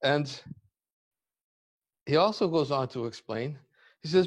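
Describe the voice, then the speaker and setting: A man teaching a devotional scripture class, speaking deliberately and pausing to search for words. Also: a little high, animated. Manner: deliberate, searching for words, reading commentary aloud. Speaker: spiritual teacher giving a class.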